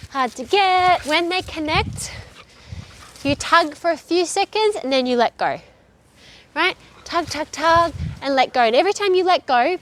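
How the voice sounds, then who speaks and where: A woman dog trainer, out of breath, coaching viewers in a direct, brisk way with frequent check-ins. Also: high-pitched. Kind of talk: instructional video.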